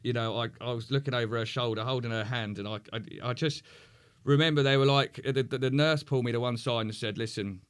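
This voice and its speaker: A man's voice: mid-range voice, fairly even intonation, fast, clear, resonant tone. A man, a podcast guest candidly recounting a hard personal story, swearing often and restarting his sentences.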